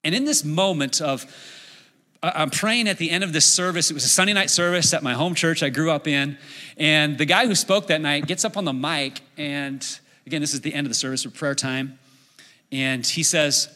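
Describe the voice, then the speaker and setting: A middle-aged man preaching a sermon as a pastor, telling a story in an animated way and acting out his own inner voice. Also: fairly high pitch, normal speed. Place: church sanctuary. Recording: long hall reverb.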